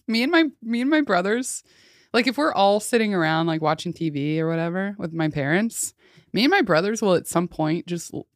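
A woman's voice: mid-range voice, no echo, clean studio sound. A young adult woman co-hosting a podcast, chatting casually and telling stories with lots of giggling. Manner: giggly storyteller, shrieks when acting out family members. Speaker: podcast co-host. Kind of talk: casual chat.

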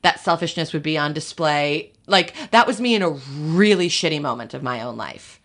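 A woman's voice: deep voice, lively intonation, moderate pace. A woman comedian as a podcast guest in casual chat, reflective and thinking aloud. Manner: reflective, thinks out loud with many "like"s.

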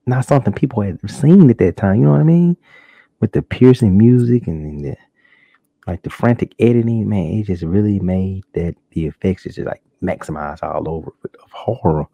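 Gravelly low-voiced man podcasting. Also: dry recording. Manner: animated storytelling, acts out shocked reactions in high voice. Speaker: podcast host. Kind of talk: casual solo podcast talk. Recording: dull lo-fi dry home recording.

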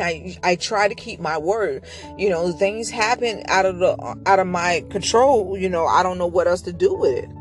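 A woman hosting her own podcast, telling a personal story in a chatty, rambling way with many fillers and frequent mentions of God. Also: lowish voice. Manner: devout, often mentioning God. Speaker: podcast host. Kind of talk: casual storytelling monologue.

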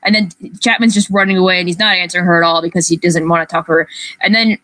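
A woman's voice: on the low side, steady tone, fast, sharp tone, no echo, poor audio. Woman, casual book-club talker, chatty and rambling, dry close sound. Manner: chatty, restarts often, acts out quotes. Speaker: book club podcast member. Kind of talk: casual discussion.

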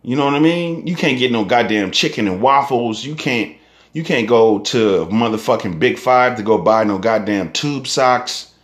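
A man's voice: mid-range voice, expressive, moderate pace. A young man, a rapper delivering a heated, profane ranting monologue full of rhetorical questions. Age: young adult.

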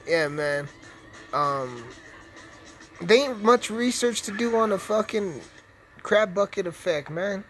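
Young male streamer, foul-mouthed trash-talker, a bit high-pitched, loose rambling commentary. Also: expressive, slow pace, pauses often, fairly bright tone, low-quality recording. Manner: profane, rambling, trash-talking. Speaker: gaming streamer. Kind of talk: casual gameplay commentary.

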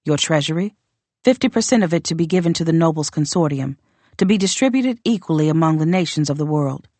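A woman's voice: deep voice, animated, no echo. Woman reading as a proud, blunt warrior queen. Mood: cold, demanding. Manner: measured, formal, quietly contemptuous. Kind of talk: audiobook character reading.

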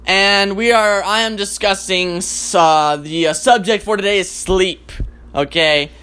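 A man hosting a comedy show, ranting in a profane, excitable and rambling way. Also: high-pitched, a little slow, smooth. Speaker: host. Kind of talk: comedic rant.

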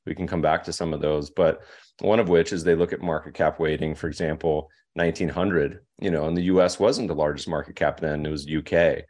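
Low voiced guy on a podcast, rambly, lots of ums and restarts. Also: fairly even intonation, fairly quick, a little mellow. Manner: rambling, with many fillers and restarts. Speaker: podcast guest, investor. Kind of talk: casual podcast conversation.

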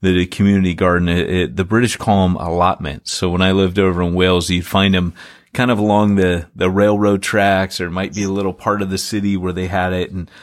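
A man with a very low voice hosts an interview. He asks long, winding questions and answers his guest with short affirmations. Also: flat delivery, fairly quick. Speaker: podcast host. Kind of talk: interview conversation.

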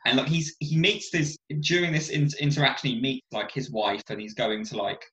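Bright-voiced man chatting about a film. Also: medium pitch, steady tone, fairly quick, echoey room, dull audio. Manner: rambling, many fillers and restarts. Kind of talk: casual film discussion.

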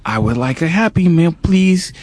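High voiced guy rambling a silly story, kinda sheepish, dry mic. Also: lively intonation, normal speed, a little mellow, no echo. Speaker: comedic guest telling a story.

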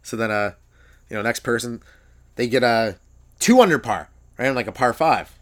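Animated man riffing jokes. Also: mid-range voice, moderate pace. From Canada. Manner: animated, swears freely, breaks into loud exaggerated character voices. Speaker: comedian podcast host. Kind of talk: stand-up riffing monologue.

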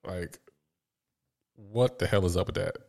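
A man hosting a casual podcast chat in a fairly low voice. He is laid-back and relaxed, laughing easily. He leads into breaks and new topics in a loose, easy way. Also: measured pace, vocal fry. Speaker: podcast host.

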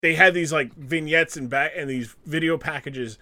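Speaking at a normal speed in a voice on the high side, this podcast co-host is an animated storyteller. He chats casually and performs the voices of the people he quotes.

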